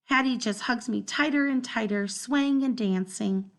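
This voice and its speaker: A woman reading a children's storybook aloud in the first person, telling it in an expressive, dramatic way. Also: a little high, measured pace, creaky. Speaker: storybook narrator.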